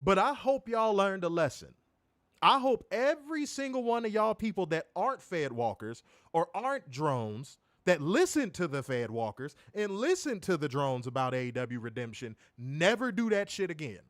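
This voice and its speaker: A man in a raised register hosting a podcast, his pitch swinging widely as he rants and teases with plenty of profanity. He sits close to the mic, so the sound is dry and close. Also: moderate pace, no room sound. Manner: animated, profane, teasing ranting. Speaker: co-host of a wrestling review show. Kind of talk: casual podcast chat.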